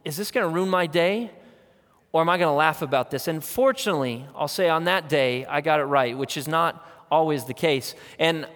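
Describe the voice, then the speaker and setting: A man's voice: a little high, normal speed, a bit bright. A man preaching a sermon as pastor, talking earnestly and conversationally and pressing his points through repetition. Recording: long hall reverb.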